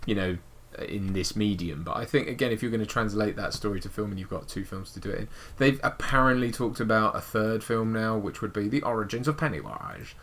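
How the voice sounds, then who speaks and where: A man's voice: fairly low pitch, fairly quick, hardly any pauses, a bit bright. A man co-hosting a casual film podcast, rambling and correcting himself as he talks movies. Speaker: podcast co-host.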